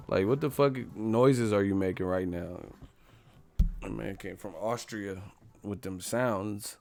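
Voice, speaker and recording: A man's voice: lowish voice, measured pace, vocal fry, a little mellow, faint music behind. A man hosting a casual live stream, profane and laughing often as he reacts to the chat.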